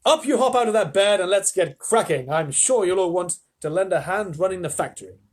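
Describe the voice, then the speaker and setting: A man voicing an eccentric chocolate factory owner, talking in a loud, brisk and cheery way for a storybook. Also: high-pitched, expressive, pitched above the performer's own voice.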